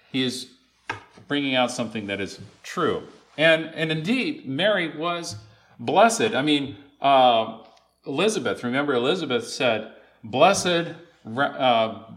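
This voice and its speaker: Slow, deliberate man preaching a sermon. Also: mid-range voice, a bit bright.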